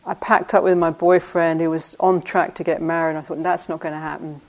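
Speaking briskly in a low voice with little rise and fall, this older woman from the UK is a meditation teacher recounting anecdotes from her past. The talk is reflective, broken up by frequent laughter and quiet asides.

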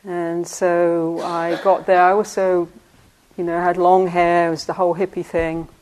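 An older woman giving a reflective teaching talk, telling stories with soft asides and frequent laughter. Her voice sits a little low for a woman. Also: flat delivery, a little slow. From United Kingdom. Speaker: meditation teacher.

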